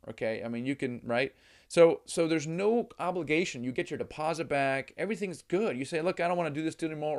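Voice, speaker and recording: A middle-aged man giving a motivational teaching talk on real estate investing, energetic, often repeating words and acting out worried inner voices. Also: mid-range voice.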